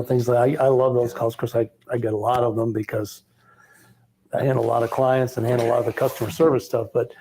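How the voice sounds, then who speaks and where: A man's voice: mid-range voice, warm tone, slight background noise. A man who works as an insurance agent, giving plainspoken, matter-of-fact advice in a casual chat.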